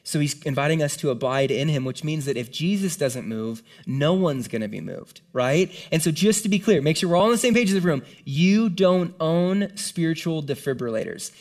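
A pastor delivers a sermon in a slightly high voice, talking to the room as if in a relaxed chat. He is earnest and plain-spoken, and he often pauses to ask the listeners "right?". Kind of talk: conversational sermon. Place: room with a live congregation.

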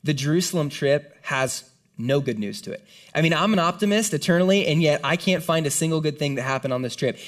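A man preaches to a congregation in a fairly high voice. He talks in an earnest, conversational way, breaking into quick asides and acting out the lines he quotes. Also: expressive. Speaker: pastor. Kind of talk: sermon. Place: church hall before a congregation.

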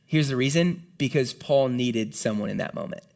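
A man preaching a sermon to a congregation in a room, speaking in an animated, conversational way with casual slang. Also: medium pitch, moderate pace, creaky. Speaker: pastor.

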